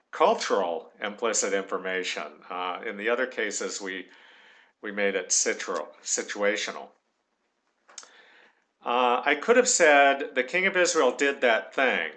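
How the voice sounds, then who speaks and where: A man's voice: fairly low pitch, animated, slow pace, bright, forceful tone. A man giving a recorded tutorial, thinking aloud as he works and dictating punctuation marks. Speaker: tutorial instructor.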